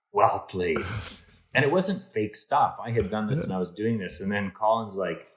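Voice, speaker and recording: A man from Canada, a guest in an interview, telling a story with lively acted-out dialogue and many restarts. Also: on the low side, a little slow, pauses often, rough recording. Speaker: interview guest, insurance executive.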